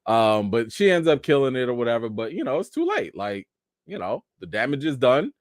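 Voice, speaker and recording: Animated man chatting casually. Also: mid-range voice, brisk, no room sound, clean studio sound. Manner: animated, joking, loose slangy talk. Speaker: TV show reaction host. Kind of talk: casual live-stream chat.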